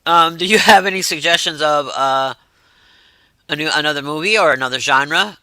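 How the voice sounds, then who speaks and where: A woman's voice: deep voice, normal speed, pushed and bright, dry recording. A woman hosting a livestream, chatting loosely and reacting to messages from her chat. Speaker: livestream host.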